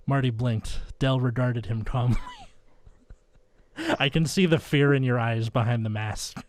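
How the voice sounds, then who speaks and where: Young man reading fan fiction aloud, deadpan. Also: medium pitch, unhurried, no echo. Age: young adult. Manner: deadpan reading with flustered asides and laughs. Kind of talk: comedic dramatic reading.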